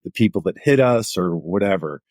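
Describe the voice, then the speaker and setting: A man's voice: deep voice, animated, fairly quick, darkish tone, no room sound, clean studio sound. A middle-aged man, a journalist guest, telling anecdotes in a casual interview with lots of "like" fillers. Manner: anecdotal, chatty, many "like" fillers.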